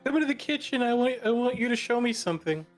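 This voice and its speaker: A man voicing an eager young male puppy in a high, squeaky, cartoonish voice, coaxing someone to follow. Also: lively intonation, fast, soft background music.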